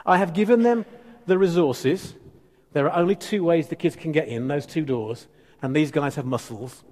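A man preaching a sermon as pastor, emphatic and animated with conversational asides. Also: on the high side, normal speed. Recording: long church hall reverb.

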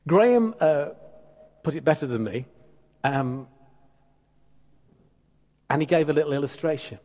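A man preaching a sermon as pastor, emphatic and animated with conversational asides. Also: fairly high pitch, measured pace. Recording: long church hall reverb.

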